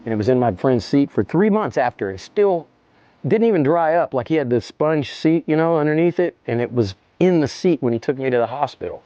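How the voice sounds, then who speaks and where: Animated man telling a story, swearing. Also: mid-range voice, brisk, no echo, lo-fi sound. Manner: animated, profane, repeats himself, slangy. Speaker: interview guest. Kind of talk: casual storytelling in an interview.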